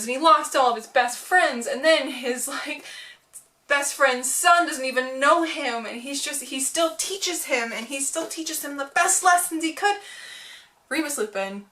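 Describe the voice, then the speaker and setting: A young woman gushes and giggles through a casual book chat, with lots of "like" fillers. Her voice is bright and fairly high. She sits a little away from the microphone. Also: far from the mic. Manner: gushing and giggly, heavy use of "like". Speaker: book vlogger.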